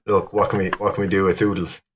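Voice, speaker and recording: A man's voice: low voice, flat delivery, fast, very noisy. Rambling Irish man, chatty guest. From Ireland. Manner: rambling, laughs often, many fillers. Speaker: podcast guest. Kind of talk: casual chat.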